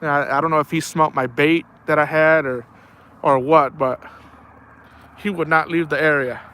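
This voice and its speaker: A fairly high, pushed, bright male voice with fairly even intonation comes through at normal speed, carrying a little hiss or hum. He's an outdoors streamer casually live streaming his night fishing by the water, wandering through stories and repeatedly addressing viewers as "man" and "bro."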